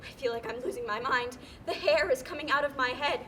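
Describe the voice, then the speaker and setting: A woman's voice: sits high, brisk, a bit bright, slight background noise. A woman playing a distraught, pestering woman petitioner in a live stage play, whiny and theatrical, recorded on a school stage. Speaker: stage actor.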